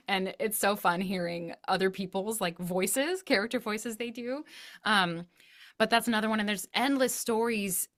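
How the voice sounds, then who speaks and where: Animated woman telling parenting stories. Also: lowish voice, normal speed. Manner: animated storytelling, laughs often, acts out voices. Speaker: playful parenting educator, guest. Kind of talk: casual interview chat.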